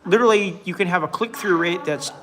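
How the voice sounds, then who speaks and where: A man's voice: sits high, quick pace, crowd noise, poor audio. A man in his forties hosting a casual livestream, reading viewer comments aloud and rambling with frequent restarts and repeated words. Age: 40s. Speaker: livestream host.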